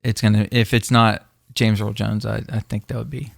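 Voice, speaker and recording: A man's voice: lowish voice, level tone, normal speed, vocal fry, dry recording, studio quality. A man co-hosting a podcast in casual chat, rambling with lots of fillers and restarts. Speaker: podcast co-host.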